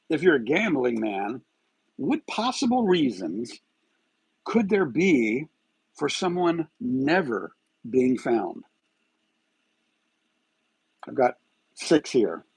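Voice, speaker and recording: A man's voice: mid-range voice, very animated, takes it slowly, vocal fry, long pauses, darkish tone, husky, no echo, poor audio. A man hosting a live stream of true-crime commentary, agitated and firing rhetorical questions.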